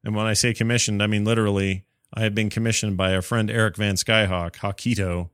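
A man hosting a casual podcast, talkative and jokey, with a lively sign-off. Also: on the low side, quick pace, smooth, no room sound, clean studio sound. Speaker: podcast host.

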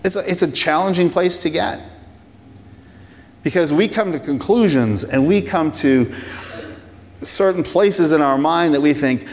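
A man with a somewhat high voice preaches a sermon in a church sanctuary. He speaks conversationally but with emphasis and builds his points through repeated phrases. His voice carries a long reverb from a large hall. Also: measured pace, pauses often. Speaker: pastor.

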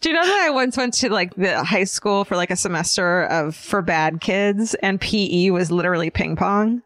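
Animated woman reading a listener email. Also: mid-range voice, normal speed, no echo. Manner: reads aloud with jokey asides, animated. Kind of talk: casual comedic podcast chat.

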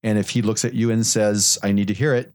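A man's voice: on the low side, little pitch movement, quick pace, darkish tone. A man co-hosting a theatre podcast, talking in casual chat and often trailing off and restarting his sentences. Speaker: podcast co-host, theatre director.

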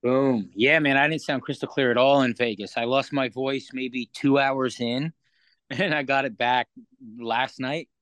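Casting: male podcast co-host, mid-pitched, playful, close dry mic. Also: fairly even intonation, unhurried, fairly bright tone, smooth, no room sound. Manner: playful, jokey asides. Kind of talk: casual chat.

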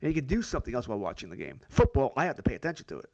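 Fast-talking middle-aged sports analyst. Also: male voice, medium pitch, sing-song, gravelly, darkish tone, dry recording, dull audio. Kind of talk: casual sports talk.

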